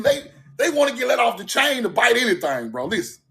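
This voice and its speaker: Fired-up high-voiced man ranting. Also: sing-song, normal speed, hardly any pauses. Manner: loud, fired-up, repeats "bro", swears, laughs between points. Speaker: livestream host. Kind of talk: heated livestream rant. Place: at home.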